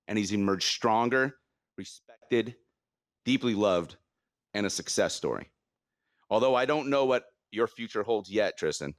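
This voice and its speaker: Man, low voice, heartfelt award speech, earnest, podium, dry close sound. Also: no echo. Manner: heartfelt, earnest, reading from notes. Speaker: school staff presenting a student award. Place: event podium.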